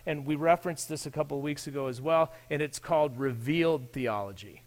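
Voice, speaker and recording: Conversational preacher man, slightly high voice. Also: fairly quick. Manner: conversational, addresses the audience directly. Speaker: pastor. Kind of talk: sermon.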